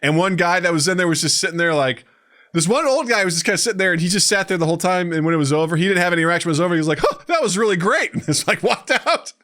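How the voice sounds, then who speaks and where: A man co-hosting a casual podcast, telling stories in an animated way and acting out scenes. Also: sits high, rapid-fire. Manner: animated storyteller who acts out scenes with voices. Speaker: podcast co-host.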